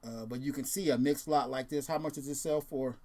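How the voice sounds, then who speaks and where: Laid-back rambling man, mid-pitched. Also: steady tone, a little fast, dark tone. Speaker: host. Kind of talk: casual video chat.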